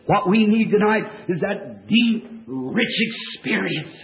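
Man, high voice, fervent revival sermon, folksy plain-spoken, hushed to shouting, echoey church, muffled old tape. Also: animated, slow pace, few pauses. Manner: swings from hushed tones to shouting. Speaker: preacher. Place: church service with congregation.

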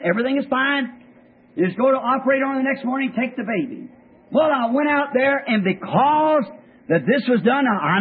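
Man, preacher, very high husky voice, folksy halting storyteller, phone-thin old tape. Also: phone-quality sound. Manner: folksy, halting, with many restarts and "said" tags. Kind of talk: storytelling sermon.

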